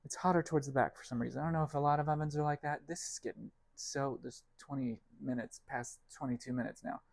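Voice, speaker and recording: A man's voice: mid-range voice, steady tone, quick pace, creaky, darkish tone, no room sound. Rambling man chatting in a dry kitchen. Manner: rambling, self-deprecating, talks to his cats. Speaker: vlog host. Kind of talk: casual cooking vlog chat. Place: home kitchen.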